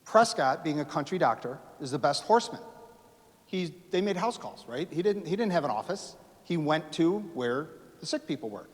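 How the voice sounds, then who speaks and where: A man giving a storytelling history lecture to a live audience in a lecture hall, animated, acting out quotes and asking the audience questions. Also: on the high side, normal speed. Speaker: history speaker. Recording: reverberant hall.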